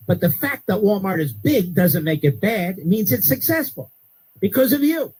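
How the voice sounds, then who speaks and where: A man hosting a talk radio show, delivering an emphatic political commentary monologue that rises to sharp outbursts. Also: husky, rough recording. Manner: emphatic, rising to sharp high-pitched outbursts.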